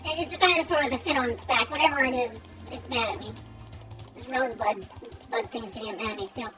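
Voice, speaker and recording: A woman's voice: fairly high pitch, quick pace. A young woman streaming a game, chatting playfully and thinking aloud as she plays. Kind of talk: casual gameplay commentary. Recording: game music behind.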